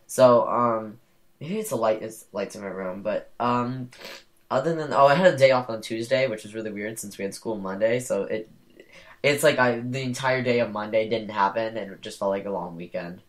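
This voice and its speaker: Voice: mid-range voice, moderate pace. Young podcast co-host, rambling and sassy. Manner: rambling, sassy storytelling with many fillers. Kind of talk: casual chat.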